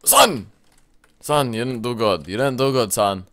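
A young man commenting on his gameplay, excitable and often shouting at the game with mild swearing. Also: mid-range voice, moderate pace. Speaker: let's play gamer.

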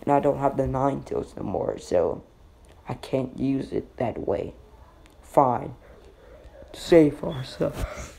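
A slow, rambling male storyteller with a dark, gravelly voice, making up a fan-fiction story as he goes. He pauses often and stumbles over words. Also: medium pitch, animated. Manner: halting, rambling delivery with slips. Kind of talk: improvised fan-fiction narration.

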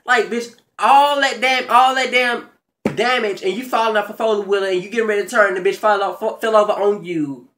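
A man hosting his own video channel, giving a casual, profane, animated recap of a reality show, with big jumps in pitch and loudness and excited stammers. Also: a little fast, a little hiss or hum. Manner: stammers and restarts when excited. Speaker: YouTube show recap host.

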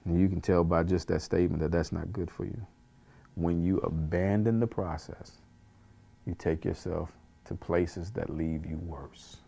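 A man's voice: sits low, steady tone, measured pace, creaky, warm tone, husky. A man, a pastor, teaching a Bible study in an earnest way, repeating phrases for emphasis and chuckling at himself.

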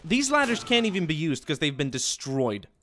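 A young man narrates a strategy war game as he plays, his voice sitting a little high for a man. He bursts into loud, swearing outbursts at his troops and then sinks back into low mutters, with faint battle noise underneath. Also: normal speed. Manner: excitable, swears and yells at his units, drops to quiet mutters. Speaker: gameplay commentator. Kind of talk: live strategy game commentary.

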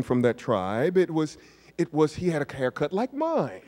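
A man, a pastor preaching a storytelling sermon, moving from hushed asides to shouted peaks. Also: high voice, very animated, unhurried. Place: church sanctuary. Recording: long hall reverb of a church.

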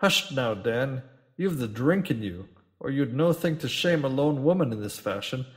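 A stern but steady landlady, hushing a drunken visitor in old rural dialect, read by a man. Her tone is firm and controlled, the manner of a woman in a storybook tale. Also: mid-range voice, normal speed, close to an everyday voice. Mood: soothing.

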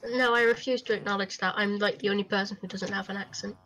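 A woman's voice: medium pitch, steady tone, fast, fairly bright tone, highs cut off. A nineteen-year-old woman, streaming and chatting casually, laughing often and swearing freely. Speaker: livestreamer. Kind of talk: casual gaming chat.

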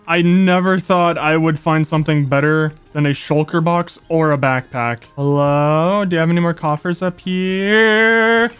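A young man giving excitable, gushing Let's Play commentary, yelping when enemies appear. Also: fairly high pitch, moderate pace, few pauses, smooth. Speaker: gaming YouTuber.

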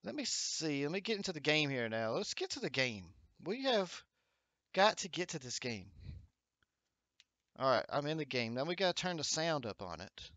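Reading his viewers' comments out loud, the man streaming games at home keeps his chat positive and supportive in front of a green screen. His slightly high voice swings widely in pitch at a normal speed, sounding fairly bright on a dry recording.

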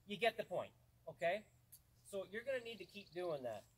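Outdoors on a rural property, a man on a pro staff gives a casual, plain-spoken dog-training lesson, often checking in with "okay?". His voice is high and husky, fairly quick, and swings widely in pitch.

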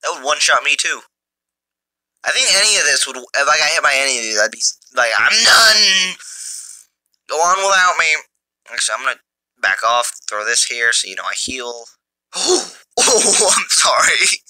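Excitable jokey gamer man, very lively. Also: mid-range voice, a little fast, no echo. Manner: excitable, jokey, taunts enemies. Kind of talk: mobile gameplay commentary. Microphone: phone's built-in mic.

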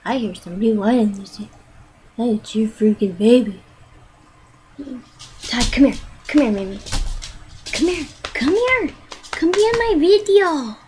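A woman's voice: fairly high pitch, lively intonation, a little slow, pauses often, a little mellow, rough recording. A young woman rambling playfully into her webcam at home and cooing at her pets. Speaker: vlogger. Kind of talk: casual webcam chatter.

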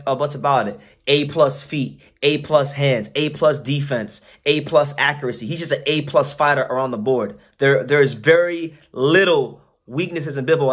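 A man hosting a boxing channel, giving casual, opinionated commentary to his viewers in a slangy, blunt way, often repeating and restarting words. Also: a little high.

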